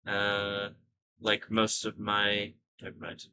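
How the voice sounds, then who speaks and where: A man's voice: on the low side, monotone, takes it slowly, pushed and bright, clear, resonant tone, lo-fi sound. A man hosting a gaming video, giving casual gameplay commentary and thinking aloud in rambling asides.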